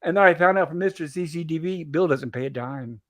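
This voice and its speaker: A man's voice: a little high, brisk. A man hosting a casual livestream chat, telling a rambling story and repeating "I said" as he recounts a conversation. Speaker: host.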